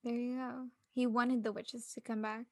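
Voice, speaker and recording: A young woman co-hosts a casual chat, answering quickly and playfully. Her voice is a little high and sounds close and dry. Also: flat delivery, darkish tone, no echo. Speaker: podcast co-host.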